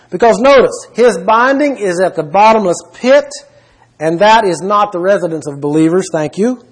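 A preacher with a high, husky voice gives a Bible teaching sermon, speaking emphatically, pausing to question his listeners, and reeling off scripture references one after another. The recording is rough.

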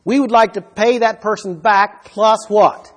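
Husky-voiced man teaching a Bible lesson. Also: sits high, steady tone, unhurried. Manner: explanatory, asks the listeners rhetorical questions. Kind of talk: Bible study lecture.

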